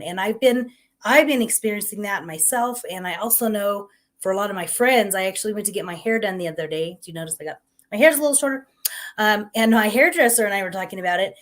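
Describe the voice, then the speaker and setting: A middle-aged woman hosting a live-streamed inspirational talk show, upbeat and gently encouraging in a conversational way. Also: medium pitch, a little fast. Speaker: host.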